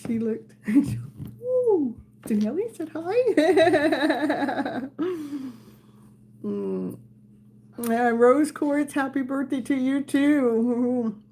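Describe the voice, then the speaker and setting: Slow-talking woman in her sixties. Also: high-pitched, expressive, dark tone. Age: 60s. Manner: chatty, laughs often, playful baby talk to her dog. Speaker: live tarot reader. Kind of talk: casual live-stream chat while reading viewer comments.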